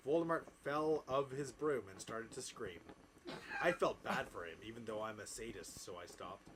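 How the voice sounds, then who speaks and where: A man doing a comedic deadpan reading of fanfiction aloud, with laughing asides. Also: medium pitch, normal speed. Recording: noisy background ambience.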